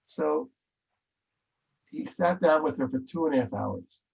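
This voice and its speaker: A man's voice: on the high side, expressive, a little slow, creaky, a little mellow, husky. A man telling a story in an interview, emphatic and repeating phrases. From Israel. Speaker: interview guest. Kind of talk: storytelling in conversation. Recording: dull lo-fi recording.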